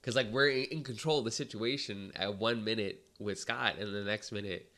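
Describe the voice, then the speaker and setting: Male podcast co-host, bright gravelly tone, relaxed swearing chatter. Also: on the low side, fairly quick. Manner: laid-back, swears freely, lots of filler words. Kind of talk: casual movie review chat.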